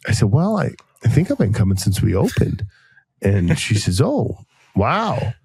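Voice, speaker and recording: A man in his thirties hosting a podcast, telling a long casual story and acting out each quoted voice with sudden jumps in pitch. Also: sing-song, normal speed, mellow, slightly rough. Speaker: podcast host.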